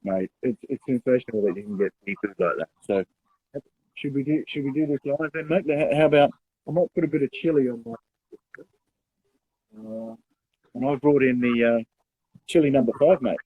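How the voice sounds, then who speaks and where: A young man co-hosting a casual live show, chatty and quick to laugh, calling his partner mate. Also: mid-range voice, slightly rough, dry recording, narrow, tinny audio. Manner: chatty, laughs often, says mate a lot. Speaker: co-host.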